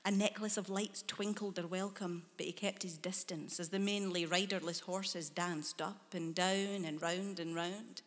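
Woman narrating a story in low tones. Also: fairly even intonation, normal speed, few pauses, in a large hall.

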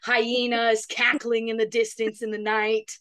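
A woman's voice: on the high side, flat delivery, a little slow, fairly bright tone, smooth. A young woman co-hosting a casual podcast, telling stories animatedly with swearing and playful voice impressions. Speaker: podcast co-host. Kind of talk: casual chat.

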